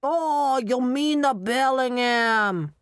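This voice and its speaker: A woman's voice: sits high, takes it slowly, clean tone, dry recording, studio quality, pitched above the performer's own voice. A woman voicing a brash, boastful male cab driver in the big city. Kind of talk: audiobook character voice.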